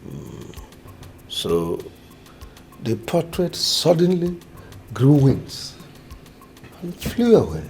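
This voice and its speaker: A man acting as an imperious king with a wildly swinging voice that leaps from sharp high rebukes to low, dismissive mutters. He lectures and threatens in a period drama, with faint music underneath. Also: very animated, extremely slow, long pauses, exaggerated voice. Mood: scornful. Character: stern commanding male king, quick to threaten.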